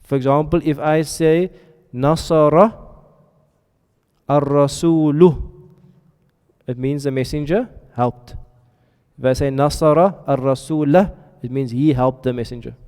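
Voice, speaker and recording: A man's voice: mid-range voice, fairly quick, mellow. A man teaching a classroom lesson, often stopping to ask his students questions and check they are following. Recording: reverberant hall sound.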